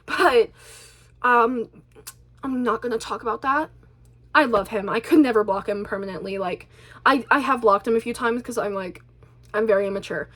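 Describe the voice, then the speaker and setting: A woman's voice: on the high side, normal speed, pauses often, a bit bright. A woman vlogger talking in a chatty, rambling way, with a stutter and many restarts. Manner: chatty, rambling, self-deprecating. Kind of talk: casual rambling monologue.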